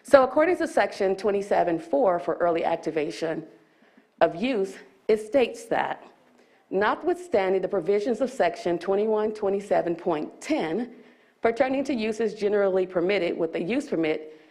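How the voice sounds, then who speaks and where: A county staff woman with a medium-pitched, animated, slightly mellow voice speaks at normal speed at a public board meeting. Slightly out of breath, she explains ordinance rules and reads legal text aloud with small restarts.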